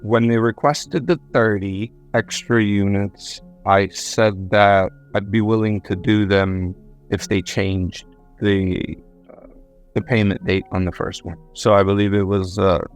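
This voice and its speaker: Man, low voice, casual storyteller who trips over his words, faint music underneath. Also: fairly even intonation, measured pace. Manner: rambling, self-correcting, repeats words. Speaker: guest, government contractor. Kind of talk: conversational storytelling.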